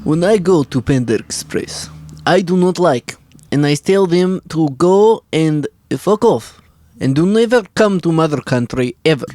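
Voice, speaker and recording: A man putting on a mock Russian voice to play a rude man with deliberately broken phrasing. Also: a little high, lively intonation, darkish tone, no room sound.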